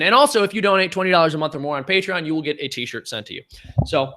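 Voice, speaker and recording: Young guy doing a live q&a, kinda high voice, bright, chatty with lots of ums. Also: expressive, racing. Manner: chatty and upbeat, with frequent fillers. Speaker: channel host and animator. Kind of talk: livestream Q&A chat.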